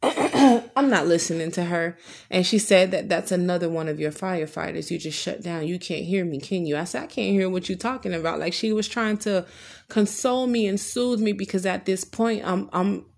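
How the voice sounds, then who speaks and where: A woman's voice: lowish voice, normal speed, vocal fry, darkish tone. A woman earnestly telling a personal story, retelling conversations in her own words with frequent restarts.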